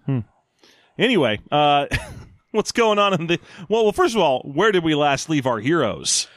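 A man's voice: on the high side, sing-song, moderate pace, fairly bright tone, dry recording, studio quality. A man co-hosting a podcast, chatting casually and joking as he recaps a story. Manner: jokey, rambling, laughs often. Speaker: podcast co-host.

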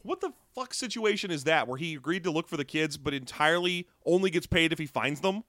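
A man's voice: fairly high pitch, expressive, a little fast, a bit bright, no echo, clean studio sound. A man co-hosting a casual movie recap chat, wry and sarcastic, often laughing. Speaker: podcast co-host.

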